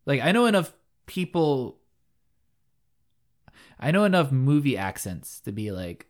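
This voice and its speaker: A man's voice: medium pitch, very animated, measured pace, pauses often. A man co-hosting a podcast, talking casually and hesitantly about shows and movies. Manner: easygoing, hesitant, with ums. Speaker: podcast co-host.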